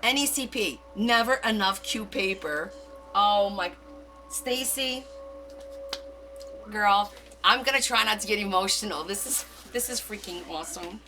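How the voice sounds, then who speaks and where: A woman hosting a casual live craft stream, gushing and excitable as she opens gifts and reads notes aloud. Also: mid-range voice, measured pace, soft background music. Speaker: craft livestream host. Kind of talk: casual live unboxing chat.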